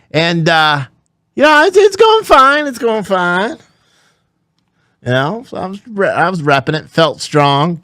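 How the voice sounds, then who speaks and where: A man telling a gym story in a put-on Southern accent, excited and profane. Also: medium pitch, no echo, studio quality, pitched below the performer's own voice. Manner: excited, profane, laughing, animated. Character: himself as a worked-up Southern gym guy. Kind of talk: comic storytelling.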